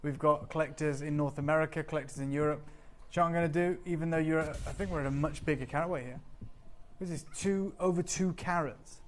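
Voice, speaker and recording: A man's voice: a little high, fast talker, slight background noise. A man presenting on a live TV shopping channel, talking up gems with urgent, persuasive energy in a studio. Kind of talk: live TV sales pitch.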